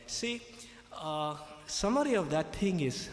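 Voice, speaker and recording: A man's voice: a little high, normal speed, darkish tone. A male preacher delivering a sermon, repeating his points emphatically and often checking in with his listeners. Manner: emphatic, repetitive, checks in with "okay?". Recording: echoey hall.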